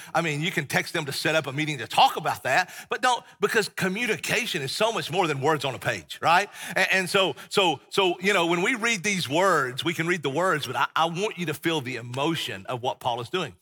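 A middle-aged pastor preaches a sermon in a church sanctuary, folksy and emphatic. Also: male voice, fairly high pitch, sharp tone. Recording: long church-hall reverb.

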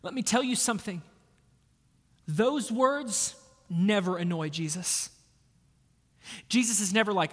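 Give me a slow, earnest male preacher delivering a sermon in a reverberant hall. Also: high voice. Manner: earnest, swings between hushed and emphatic. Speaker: pastor.

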